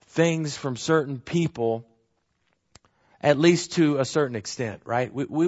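A man's voice: fairly high pitch, lo-fi sound. Earnest male pastor preaching. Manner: earnest, emphatic with repeated phrases and rhetorical questions. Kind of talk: sermon.

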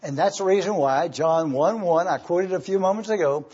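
Older pastor, husky and high. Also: male voice, normal speed, hardly any pauses, a little mellow. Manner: emphatic preaching, asks the congregation questions. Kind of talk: sermon. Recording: dull lo-fi sound.

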